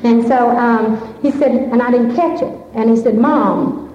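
A woman speaks nervously and from the heart, stopping and restarting as she shares her story. Her voice sits a little high. It carries through a big echoing hall with a long reverb tail and a faint hiss underneath. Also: steady tone, normal speed, warm tone. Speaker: speaker at a recovery fellowship meeting. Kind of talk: personal testimony speech. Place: large meeting hall. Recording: echoey hall, muffled lo-fi sound, faint hiss.

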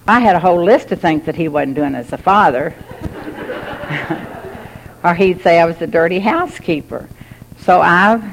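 A woman's voice: on the low side, expressive, unhurried, pauses often, slight background noise, low-quality recording. A woman giving a candid personal testimony, often laughing as she talks. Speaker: speaker sharing her recovery story.

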